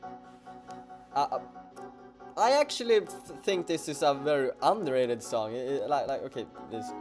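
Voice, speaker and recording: A man with a Swedish accent chatting casually on a livestream as a streamer, halting and stammering with many restarts. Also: mid-range voice, animated, darkish tone, faint music behind.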